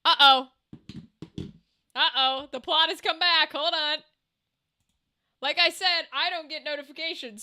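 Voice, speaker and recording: High, bright-voiced woman streamer. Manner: chatty, swears freely, laughs often. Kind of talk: casual chat with a live stream audience.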